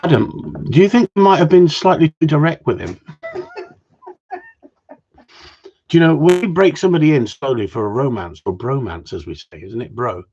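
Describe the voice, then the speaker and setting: A man's voice: fairly high pitch, animated, normal speed, pauses often, darkish tone, slight background noise. A man, teasing and joking crudely with friends, swearing freely and laughing often. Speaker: host of a gundog group chat. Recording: dull lo-fi sound.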